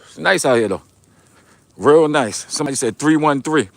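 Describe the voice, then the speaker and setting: A man's voice: fairly high pitch, animated, normal speed, creaky, no room sound. Laid-back New York man chatting on a stream. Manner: laid-back, reads chat comments aloud, loose slangy talk. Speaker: livestream vlogger. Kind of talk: casual livestream chat with viewers. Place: outdoors on a snowy street, walking.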